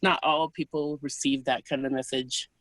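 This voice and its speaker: A woman as an interview guest, calmly recounting personal experiences in a soft, unhurried, hesitant way. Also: extremely low pitch, no room sound. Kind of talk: personal storytelling in conversation.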